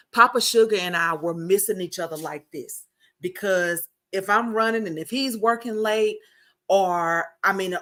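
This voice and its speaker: A woman's voice: on the low side, bright, forceful tone. A middle-aged woman, hosting a podcast and telling a heartfelt story in a casual chat, full of restarts. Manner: emotional storytelling with many restarts. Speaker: podcast host.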